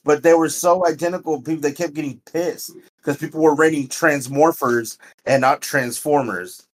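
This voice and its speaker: A man's voice: fairly high pitch, moderate pace, few pauses. A man co-hosting a podcast, telling stories in casual, joking chat. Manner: joking, animated storytelling. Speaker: podcast co-host.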